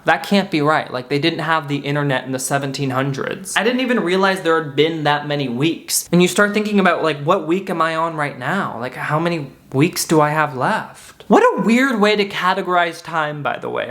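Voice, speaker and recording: Young male YouTuber, comedic vlog commentary, animated, quick asides and playful voice switches. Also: high voice. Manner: animated, jumps between silly put-on voices and asides.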